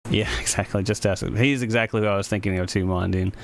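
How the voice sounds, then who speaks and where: A man's voice: lowish voice, fairly even intonation, fast talker, a little hiss or hum. A man, a composer streaming live, chatting casually and rambling with many restarts. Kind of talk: casual livestream chat. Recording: music playing behind the voice. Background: music.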